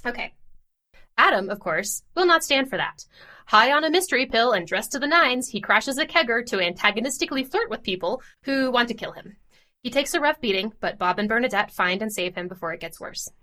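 A woman co-hosting a podcast, giving a lively, self-deprecating plot summary in casual chat. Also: a little high, brisk. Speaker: podcast co-host.

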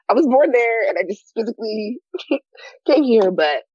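A young man from the United States in a casual group chat, animated and acting out the voices of people he quotes. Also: extremely high pitch, a little slow, slightly rough, dry recording. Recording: slightly dull lo-fi sound.

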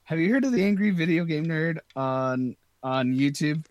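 A man co-hosting a podcast in casual chat, relaxed and agreeable. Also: a little high, normal speed, dry recording. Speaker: podcast co-host.

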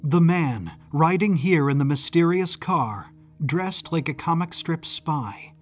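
Slow, suspenseful male narrator. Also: fairly high pitch, animated, faint music behind. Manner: measured, suspenseful storytelling. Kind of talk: scripted first-person narration.

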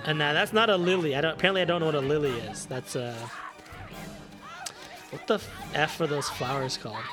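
Over background music, a man with a slightly high voice talks fairly quickly. He's a podcast host doing a laid-back watch-along of a film, tossing out sarcastic remarks and laughing a lot.

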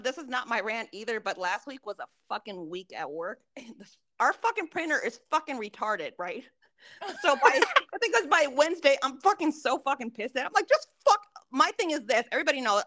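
A woman's voice: high voice, bright, forceful tone, no echo, clean studio sound. A woman co-hosting a podcast in casual chat, blunt and swearing constantly as she rants about work. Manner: blunt, swears constantly, laughs while ranting. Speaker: podcast co-host.

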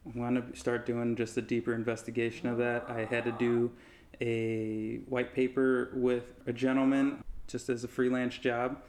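A man co-hosting a podcast, chatting casually and explaining things in a relaxed way. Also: mid-range voice, normal speed, a little hiss or hum. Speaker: podcast co-host. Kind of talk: casual chat.

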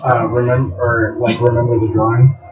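A man's voice: mid-range voice, flat delivery, brisk, loud music behind the voice. A young man answering podcast questions in a casual chat, hesitant and searching with frequent ums. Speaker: interview guest.

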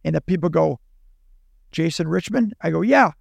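Telling a lengthy anecdote as a podcast guest, a man with a slightly high, fry-tinged voice moves at a moderate pace. He's animated, playing both parts of the dialogue in his own voice; the recording is studio quality without echo.

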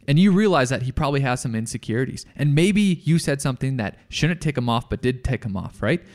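A man's voice: medium pitch, lively intonation, fast, a little mellow. A man co-hosting a podcast in casual chat, earnest, acting out dialogue in voices. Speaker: podcast co-host.

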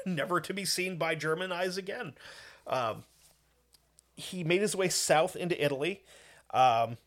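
A podcast host from the United States, with a gravelly voice on the high side, tells a history story in a casual, profane, joking style full of fillers.

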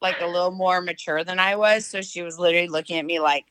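Chatty woman with a smooth low voice. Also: quick pace, no echo, rough recording. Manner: chatty, filler-heavy, animated quoting. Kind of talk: casual anecdote telling.

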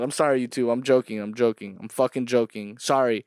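A man's voice: medium pitch, fairly quick, darkish tone, dry recording, studio quality. A young man riffing in a brash, mock-aggressive comedy rant, swearing freely as he talks to his viewers. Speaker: comedy vlogger.

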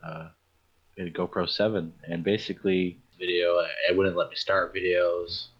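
A man on the team describing his experiences in a hesitant way, with many pauses and fillers. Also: low voice, little pitch movement, breathy edge, muffled recording. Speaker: team member.

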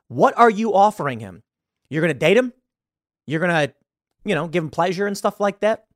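A man's voice: high-pitched, animated, moderate pace, pauses often, no echo, studio quality. A man hosting a commentary show, reading out a news story and mocking it with sarcastic asides. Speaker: show host.

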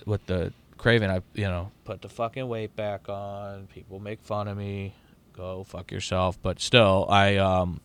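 Gruff, swearing man, bright and dry. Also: fairly low pitch, no room sound. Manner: profane, rambling, many restarts. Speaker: podcast host. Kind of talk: casual chat.

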